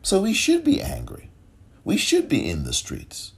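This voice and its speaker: A man's voice: sits high, huge pitch swings, measured pace, creaky, breathy edge. A man hosting a solo podcast commentary, impassioned and rhetorical, repeating phrases for emphasis and rising into pointed questions. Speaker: podcast host.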